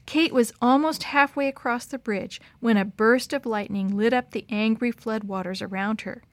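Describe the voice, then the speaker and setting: A woman narrating a story in an expressive, dramatic reading. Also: fairly high pitch, moderate pace, no room sound.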